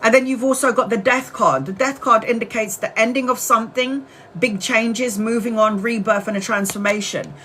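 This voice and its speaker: Blunt and talkative, with a curse word here and there, a woman gives a tarot reading on a casual live-stream. She speaks at a moderate pace with fairly even intonation, and her fairly high voice is bright and forceful. There's a faint hiss or hum.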